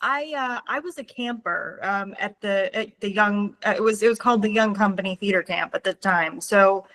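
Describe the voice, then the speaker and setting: A young woman speaks over a video call with a bright, forward voice. She is nervous and halting, with many stops and starts, and sounds close to tears. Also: mid-range voice. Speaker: former theater camper, guest. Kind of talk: casual video-call chat.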